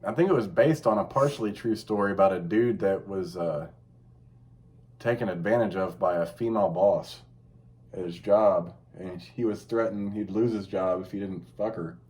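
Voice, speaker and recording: A man's voice: fairly low pitch, moderate pace, darkish tone. A man hosting a casual podcast chat, rambling and swearing freely, acting out the voices of people he quotes. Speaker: podcast host.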